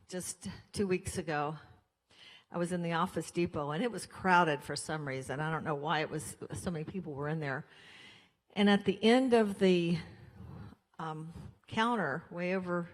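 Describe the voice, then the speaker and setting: An older woman from Colorado giving a chatty, storytelling speech to an audience, acting out the voices in her own anecdotes. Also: fairly low pitch. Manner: chatty storytelling, acts out dialogue. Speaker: guest speaker at a fundraiser. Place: church hall. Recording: long hall reverb.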